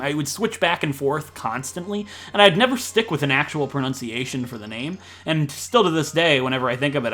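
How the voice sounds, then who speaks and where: A man from Ohio with a Midwestern American accent, rambling and joking fast through casual gameplay commentary. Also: mid-range voice, a bit bright, faint music behind. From Ohio, USA. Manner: fast-talking, rambling, jokey. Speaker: let's play commentator.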